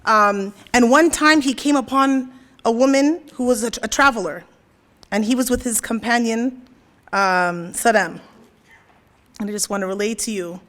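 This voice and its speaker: A woman's voice: fairly high pitch, moderate pace, a bit bright. A young woman giving a religious lecture at a convention, telling a story and often checking in with "right?". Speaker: convention speaker.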